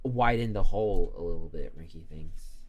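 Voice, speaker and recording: A man's voice: low voice, normal speed. A young man streaming and chatting casually. He talks about himself in the third person and mocks himself. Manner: self-mocking and chatty. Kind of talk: casual live-stream chat.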